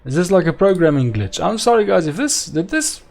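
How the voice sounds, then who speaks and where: A man's voice: sits high, sing-song, brisk, vocal fry, a little mellow. A man commenting on his own strategy game session as he plays, talking to himself and his viewers and repeatedly asking aloud why things aren't working. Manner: exasperated, keeps asking aloud why things don't work. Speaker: gameplay video host.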